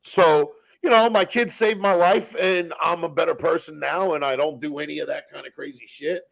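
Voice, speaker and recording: Gravelly, profane man telling stories. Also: a little high, normal speed, fairly bright tone. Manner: profane, blunt street slang. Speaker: podcast guest. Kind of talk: casual storytelling.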